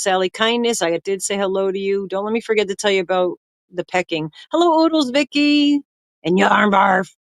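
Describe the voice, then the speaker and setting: A woman's voice: mid-range voice, no room sound, studio quality. An older woman, hosting a casual livestream and chattily greeting viewers one by one by name. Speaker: livestream host.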